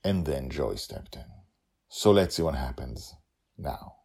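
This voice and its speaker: Casting: man, author-narrator of an audio serial, very low and husky, emphatic and chatty. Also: a little slow. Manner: lively, emphatic, chatty outro.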